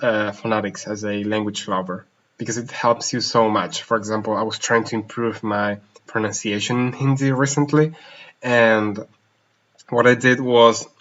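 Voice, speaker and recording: A man's voice: lowish voice, a bit bright. Guy doing a live q&a stream, chatty, keeps hopping between languages, kinda dull lo-fi audio. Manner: switches languages mid-sentence, reads questions aloud. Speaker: polyglot streamer answering viewer questions; language teacher. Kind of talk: casual live Q&A.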